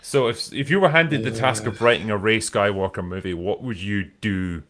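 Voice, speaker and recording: A man's voice: fairly low pitch, moderate pace, fairly bright tone. A Scottish man hosting a podcast, reading out viewer questions in a laid-back, casual way and swearing freely. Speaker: podcast host.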